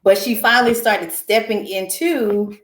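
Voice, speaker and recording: A woman's voice: medium pitch, steady tone, measured pace, a bit bright. A woman guest in a casual chat, telling stories in a chatty way. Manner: chatty, storytelling. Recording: roomy echo.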